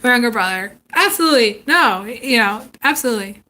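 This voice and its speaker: A woman in her thirties chats casually through a live-stream story. Her voice sits high and sounds bright and forward. She laughs often and slips into little voices for the people she quotes. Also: expressive, fairly quick. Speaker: tarot reader chatting on a live stream.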